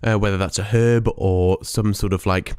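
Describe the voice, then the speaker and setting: A man's voice: fairly low pitch, fairly even intonation, normal speed, a little mellow, smooth, dry recording, clean studio sound. A young man co-hosting a podcast, telling stories in a rambling way and laughing often. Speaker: podcast co-host. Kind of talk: casual chat.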